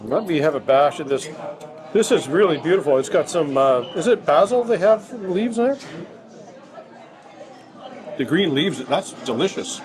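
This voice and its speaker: A man's voice: a little high, animated, moderate pace, pauses often. A man reviewing food in a casual vlog, enthusiastic and tasting as he talks, in a restaurant. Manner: enthusiastic, tasting while talking. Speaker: food vlogger. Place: indoor restaurant. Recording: busy restaurant chatter behind.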